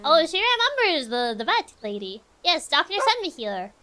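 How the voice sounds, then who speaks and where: A woman's voice: high voice, sing-song, normal speed, bright, forceful tone. A woman streamer giving casual let's-play commentary, chatty and thinking aloud.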